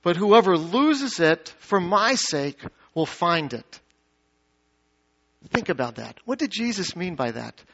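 A male pastor preaching to his congregation, swinging from emphatic peaks to quiet low asides and asking the crowd questions. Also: very animated, slow pace. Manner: dynamic preaching, rising to emphatic peaks then dropping low. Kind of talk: sermon. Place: church sanctuary. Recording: dull lo-fi sound.

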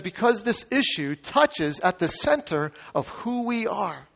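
A man's voice: high-pitched, gravelly, fairly bright tone. A man preaching a sermon as pastor, reading scripture aloud and asking the congregation questions. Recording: muffled sound with long hall reverb.

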